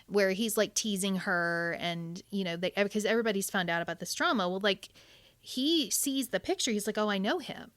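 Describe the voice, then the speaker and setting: A woman chats about books on a podcast, retelling a story in a rambling, animated way full of filler words. Her voice sits at an ordinary middle pitch. The sound is dry and close. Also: moderate pace, dry recording. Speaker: podcast co-host. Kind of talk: casual book chat.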